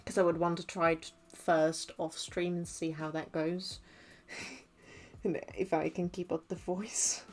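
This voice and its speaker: A woman's voice: on the low side, level tone, a little slow, faint music behind. A young woman streaming while she crafts, chatting casually, giggling often and hesitating with many restarts.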